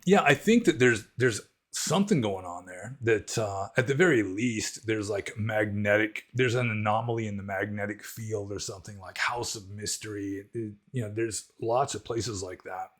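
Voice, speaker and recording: A middle-aged man answering viewer questions in a loose, rambling way, full of restarts and fillers. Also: on the low side. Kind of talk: casual Q&A talk.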